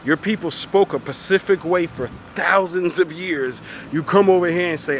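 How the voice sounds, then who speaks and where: A man's voice: high voice, normal speed, a little hiss or hum. A man giving a blunt, profane, rambling opinion monologue outdoors by a street. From United States. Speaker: vlogger.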